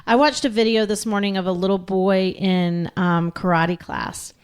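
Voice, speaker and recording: A woman's voice: medium pitch, steady tone, normal speed, clean tone. A woman co-hosting a podcast, telling a story with earnest, emphatic conviction. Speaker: podcast co-host.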